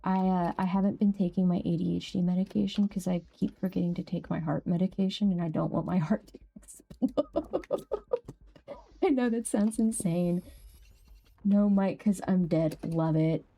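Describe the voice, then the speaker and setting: A young woman streaming a game, chatting casually with viewers, laughing easily and jumping up high when something amuses her. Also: normal speed, creaky, mellow. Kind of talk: casual live-stream chat.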